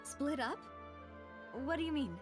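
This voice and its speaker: A woman's voice: sits high, lively intonation, a little slow. A woman voicing a confident, upbeat young woman leading an investigation in a video game. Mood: determined. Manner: determined, cheerful. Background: game music.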